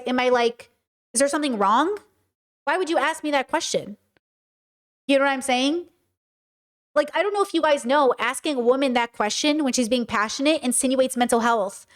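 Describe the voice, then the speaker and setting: A woman streaming live commentary, talking passionately and emphatically and answering her chat. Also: high voice.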